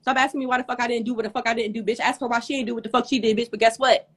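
A woman's voice: a little high, fairly even intonation, racing, husky. A woman hosting a live stream, ranting angrily and profanely at a rival, hot and sweating as she talks into her phone. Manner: angry, profane, confrontational. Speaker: livestream host. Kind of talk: heated livestream rant.

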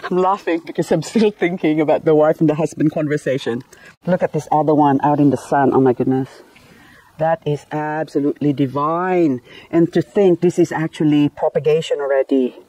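A woman's voice: low voice, fairly even intonation, moderate pace, warm tone, no echo. A woman vlogging casually about her succulents and married life, laughing often mid-sentence. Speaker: gardening vlogger. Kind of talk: casual chat to camera.

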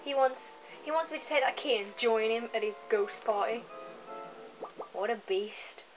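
A woman's voice: on the high side, brisk, music in the background. A young woman chatting casually and rambling while playing a video game at home, filmed on a camera mic as she moves nearer and farther from it. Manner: chatty, giggly, rambling asides. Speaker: let's play gamer. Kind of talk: casual gameplay commentary. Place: home room, moving away from the camera at times. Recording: dull lo-fi camera audio with faint hiss.

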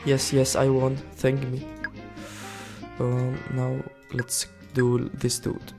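A young man giving excitable casual commentary while playing a game, reading its text aloud and yelling at enemies. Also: medium pitch, very slow, soft background music. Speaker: gaming YouTuber.

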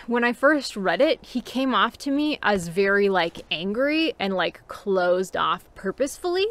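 A woman's voice: mid-range voice, fairly bright tone. Chatty Californian woman reviewing a book. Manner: chatty, rambling, with fillers and laughs. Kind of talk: casual book review talk. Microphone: home recording, unedited.

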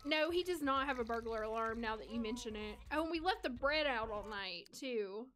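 American woman, game streamer, high lively voice, chatty and laugh-prone. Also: brisk. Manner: giggly, chatty, reads and answers chat. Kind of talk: casual live-stream commentary.

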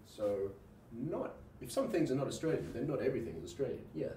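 A man's voice: medium pitch, very animated, a little fast, dark tone, slight background noise. A man giving a university logic lecture, working through examples and checking in with "right?" between fillers. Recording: roomy echo, voice from a distance, faint ambience.

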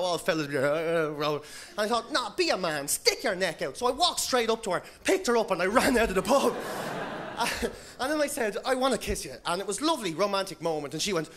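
An Irish man doing a stand-up routine in a comedy club, animated and laughing as he acts out quotes. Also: high voice. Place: comedy club with live audience. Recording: loud audience laughter, background noise.

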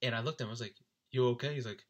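A young adult man casually telling a concert story, animated and laughing often as he mimics his friends. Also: medium pitch, rapid-fire. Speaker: vlogger recounting a concert.

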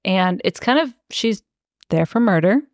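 A woman's voice: mid-range voice, lively intonation, unhurried, a little mellow, dry recording, clean studio sound. A woman co-hosting a book podcast in casual chat, laughing often and swearing freely. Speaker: podcast co-host.

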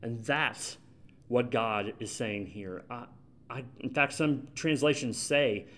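A man's voice: medium pitch, takes it slowly, a bit bright. A man preaching a sermon as pastor in a church, conversational and emphatic, repeating his key points. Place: church sanctuary.

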